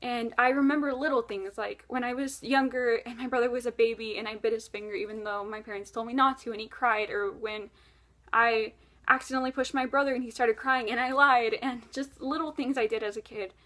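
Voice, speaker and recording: A woman tells a long story to her camera in a chatty, animated way, scattering "like" through her sentences. Her voice sits a little higher than most women's. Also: a little fast. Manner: chatty, animated, many "like" fillers. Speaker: vlogger.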